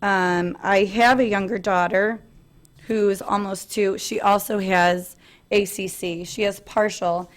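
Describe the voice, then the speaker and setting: A woman in her thirties giving an earnest personal presentation at a family meeting, pausing often on "um". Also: medium pitch, steady tone. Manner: earnest, frequent "um" fillers, light laughs.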